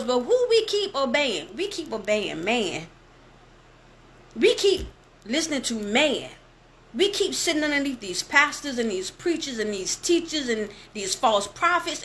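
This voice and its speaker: A woman with a high voice who reads scripture and preaches with passion. She talks straight to her listeners and slows down to lean on key phrases. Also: a bit bright, slight background noise. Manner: impassioned, addresses listeners directly. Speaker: bible teacher.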